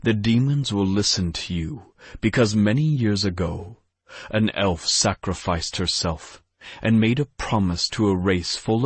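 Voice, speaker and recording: A male narrator voicing a calm, wise ancient vampire who speaks slowly and gravely. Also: fairly low pitch, no room sound. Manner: slow, grave, measured.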